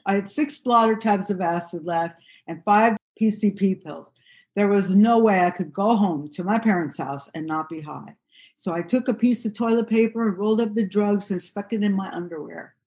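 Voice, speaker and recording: A woman reading her own first-person memoir aloud in a steady, measured storytelling voice. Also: medium pitch. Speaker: narrator.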